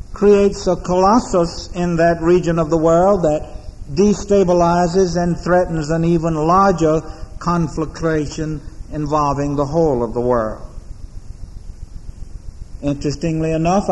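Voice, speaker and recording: An American man preaching a sermon as pastor, in a measured, solemn oratorical manner with deliberate pauses, in a large church sanctuary. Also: fairly high pitch, darkish tone. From United States. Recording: long reverb of a large church hall.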